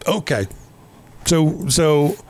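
A man's voice: on the high side, animated, extremely slow, darkish tone. A man in casual chat recapping a movie in a rambling, sarcastic way, swearing often. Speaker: podcast co-host.

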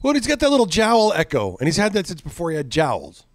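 A man's voice: high voice, huge pitch swings, fast talker, dry recording, clean studio sound. Crude sardonic male podcast host. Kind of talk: casual chat.

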